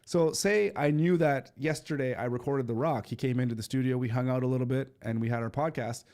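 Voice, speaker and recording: Chatting loosely and briskly, a livestream host speaks in a mid-range, slightly mellow voice, his nose audibly stuffy. He fills his talk with fillers and restarts from his home studio in eastern Canada.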